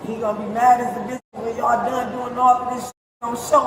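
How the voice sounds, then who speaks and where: A woman's voice: a little high, little pitch movement, brisk. A woman detained by police, furious and cursing, hurling threats at the officers. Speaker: detained driver. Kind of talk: heated confrontation with police. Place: police stop and hospital room. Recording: echoey room with long reverb, faint noise.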